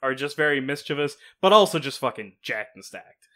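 A man's voice: mid-range voice, animated, a little fast, pushed and bright. A man co-hosting a comedy podcast, eager and rambling, often laughing. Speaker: podcast co-host. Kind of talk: improvised comedy chat.

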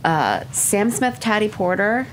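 A woman's voice: mid-range voice, sing-song, unhurried, slight background noise. A woman who runs a bar, chatting casually about the beers she pours, with plenty of fillers. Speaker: bar owner and beer buyer. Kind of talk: casual chat.

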